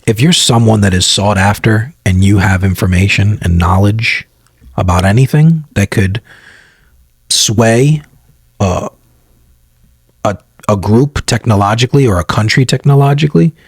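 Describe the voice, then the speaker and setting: A man's voice: lowish voice, a little slow, vocal fry, husky, dry recording, clean studio sound. A man co-hosting a podcast, speculating in long, rambling explanations. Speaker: podcast co-host. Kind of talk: casual podcast chat.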